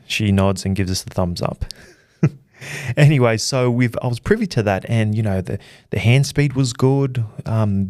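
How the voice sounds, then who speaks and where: Chatty low-voiced man. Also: darkish tone, no room sound, studio quality. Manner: chatty storyteller, many fillers and restarts. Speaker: boxing channel host. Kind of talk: casual recap to camera.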